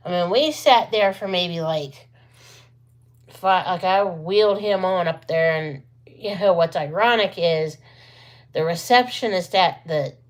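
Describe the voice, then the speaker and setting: Casting: woman vlogger, lowish voice, rambling chatty storyteller, lots of asides. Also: a little slow. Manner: rambling, chatty, full of asides and self-corrections. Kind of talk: casual storytelling to camera.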